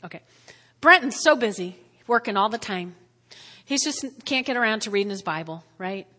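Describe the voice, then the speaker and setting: A woman pastor preaching a sermon with strong emotion, swinging between loud exclamations and hushed whispers, at times close to tears. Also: mid-range voice, lively intonation, normal speed. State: tearful at times. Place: church hall. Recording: long hall reverb.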